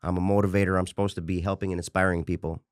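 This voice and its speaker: A man's voice: low voice, level tone, racing, clear, resonant tone, no room sound, clean studio sound. A man in his forties, a fitness coach, telling his story as an interview guest in a passionate, rambling way, with restarts and swearing. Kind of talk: candid personal storytelling.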